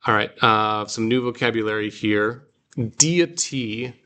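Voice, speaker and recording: A man teaching a guided reading class, explaining slowly and patiently with fillers and restarts. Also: fairly low pitch, pushed and bright, smooth. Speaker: Greek teacher.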